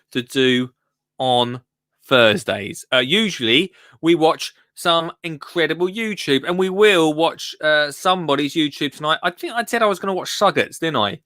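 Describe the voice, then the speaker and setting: A man's voice: on the high side, animated, moderate pace, fairly bright tone, no echo, studio quality. A man hosting a live gardening show, chatting casually in a rambling, jokey way and often breaking off mid-sentence. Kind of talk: casual live-stream chat.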